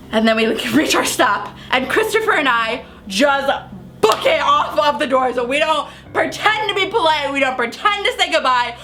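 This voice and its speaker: A woman's voice: sits high, sharp tone, slight background noise. A young woman telling a story on her vlog, breathless and laughing as she goes. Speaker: vlogger.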